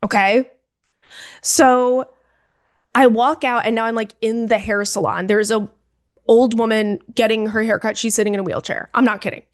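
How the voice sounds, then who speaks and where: A young woman co-hosting a podcast, telling a story in a casual, animated, dramatic way and calling the listener "girl". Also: a little high, normal speed. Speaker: podcast co-host.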